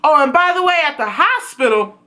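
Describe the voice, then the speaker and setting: A woman reviewing a TV series in a casual, animated recap, swearing freely and telling it dramatically. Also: sits high, fairly quick. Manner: excitable, profane, dramatic storytelling.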